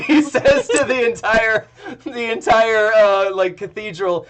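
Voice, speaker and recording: A man's voice: high-pitched, steady tone, measured pace, fairly bright tone. A man narrating as game master of a tabletop game, rambling with many fillers.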